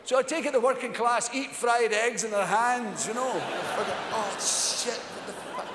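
A man's voice: extremely high pitch, normal speed, noisy background. A man with a Glaswegian Scottish accent telling profane stand-up stories and putting on his friends' voices, with audience laughter behind. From Scotland. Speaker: stand-up comedian. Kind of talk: stand-up storytelling. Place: large theatre on stage. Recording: echoey live theatre recording.

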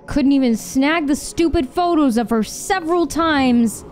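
Woman in her twenties, horror game commentary, high voice, swearing and griping, faint background noise. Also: a little slow, hardly any pauses. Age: 20s. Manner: swears, laughs and snaps at the game in frustration. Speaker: gaming streamer. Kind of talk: let's play commentary.

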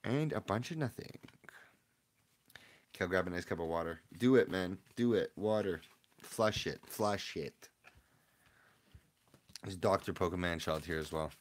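A young man hosts a livestream from his room at home, his voice sitting a little low. He keeps up relaxed, slangy chatter with his viewers. Every so often he breaks from quiet mumbling into a sudden loud yell. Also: measured pace, long pauses. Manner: laid-back slangy banter with chat. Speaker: livestream host opening card packs. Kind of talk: casual livestream chat.

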